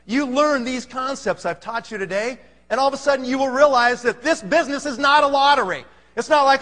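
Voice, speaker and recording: A man giving an animated motivational sales talk to a live audience, often checking in with the crowd. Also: extremely high pitch, fairly quick, few pauses. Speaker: conference speaker. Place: large hall. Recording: reverberant hall.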